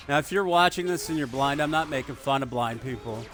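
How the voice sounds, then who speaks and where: A man's voice: mid-range voice, fairly quick, few pauses, fairly bright tone, soft background music. A man giving rambling, crude, digressive commentary while he plays a video game. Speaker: gaming video host. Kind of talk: rambling let's play commentary.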